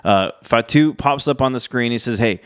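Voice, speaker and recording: A man's voice: mid-range voice, normal speed, clear, resonant tone, no echo, clean studio sound. A man casually recapping a wrestling show, chatty, with many fillers and restarts. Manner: chatty, acts out quotes in lively voices.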